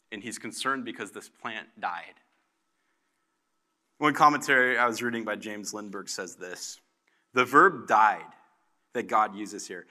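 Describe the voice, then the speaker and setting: Male pastor, bright ringing tone, mid-range pitch, casual sermon delivery with big dynamic swings. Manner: conversational preaching with dramatic swings in volume.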